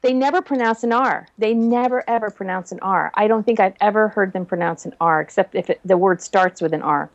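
A woman's voice: medium pitch, brisk, few pauses, muffled recording. A woman from Massachusetts in casual conversation as a podcast co-host, chatty and repeating words as she gets going. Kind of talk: casual chat.

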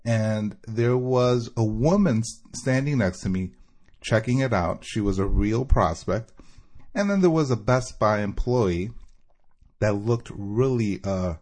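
Deep-ish guy calling in w a story, sarcastic, chatty, from michigan. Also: a little slow, darkish tone. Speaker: caller leaving a voicemail. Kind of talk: telling a story in a voicemail.

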